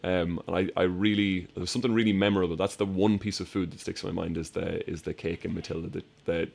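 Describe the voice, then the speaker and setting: A man chatting casually on a podcast, retelling movie scenes with animated, laughing energy. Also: low voice, fast, vocal fry. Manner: animated storyteller, acts out film scenes with laughter. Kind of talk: casual chat.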